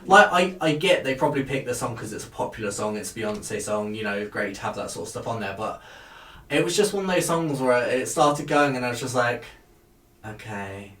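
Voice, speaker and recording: A man hosting a casual chat show, talking with hesitant pauses and fillers. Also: medium pitch, lively intonation, fairly bright tone. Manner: chatty, hesitant, lots of fillers. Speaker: podcast host reviewing a TV show. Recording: echoey room.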